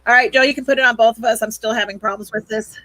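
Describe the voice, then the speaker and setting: A woman's voice: on the high side, steady tone, rapid-fire, sharp tone, dry recording, poor audio. A woman crafting alongside a friend in casual chat, self-deprecating as she talks herself through each task. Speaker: guest crafter.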